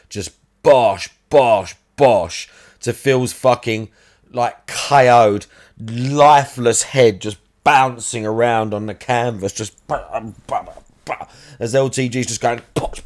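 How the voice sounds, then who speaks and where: A man hosting a livestream, talking in a crude, mocking, rapid-fire way. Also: medium pitch, darkish tone. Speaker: livestream host. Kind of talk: casual livestream commentary.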